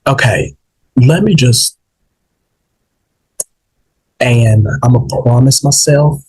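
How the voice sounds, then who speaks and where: Slow, husky man hosting a podcast. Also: mid-range voice, darkish tone, rough recording. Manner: halting, rambling, full of fillers and restarts. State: emotional, holding back tears. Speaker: podcast host. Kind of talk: emotional solo podcast monologue.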